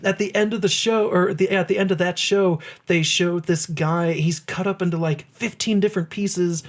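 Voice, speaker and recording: Podcast co-host, man, excitable and cussing, voice a bit high. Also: moderate pace. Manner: excitable, swears a lot, laughs while telling stories. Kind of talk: casual chat.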